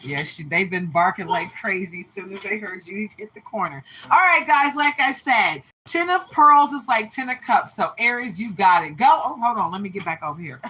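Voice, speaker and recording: A woman's voice: mid-range voice, normal speed, hardly any pauses, a little hiss or hum, low-quality recording. A woman doing a casual, playful tarot reading at home. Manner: animated, playful, sings and laughs. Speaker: tarot reader. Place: home with dogs.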